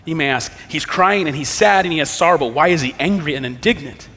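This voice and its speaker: A pastor preaches a sermon in a church sanctuary, earnest and emphatic, letting his volume rise and drop for effect. His slightly high voice is expressive, fairly quick and fairly bright, and the church hall adds a long reverb.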